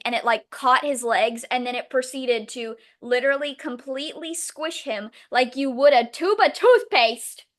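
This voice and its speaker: A woman's voice: on the high side, bright, forceful tone. A young woman co-hosting a podcast, casually retelling a book in a rambling, profane, exasperated way. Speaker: podcast co-host. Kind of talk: casual chat.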